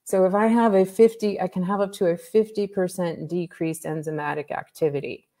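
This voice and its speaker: A woman naturopathic doctor, a guest on an interview, explaining health topics in a lively way with examples and asides. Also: fairly low pitch, a little fast. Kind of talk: conversational expert explanation.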